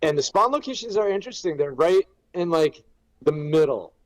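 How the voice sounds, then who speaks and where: A man's voice: a little high, animated, normal speed, poor audio. A man chatting casually on a panel, upbeat and promoting an event. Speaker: guest, event commander.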